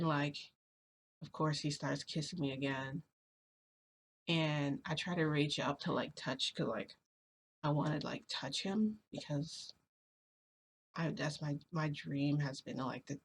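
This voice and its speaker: A woman's voice: sits low, gravelly, slight background noise. A woman vlogger telling a personal story in casual chat, rambling with lots of fillers and restarts.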